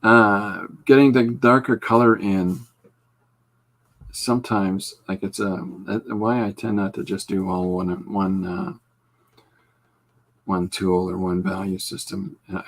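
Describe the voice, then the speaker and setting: A podcast host who is also a comic artist chats casually while drawing. His low voice carries vocal fry and a slight roughness, and he rambles with dry, self-deprecating humor.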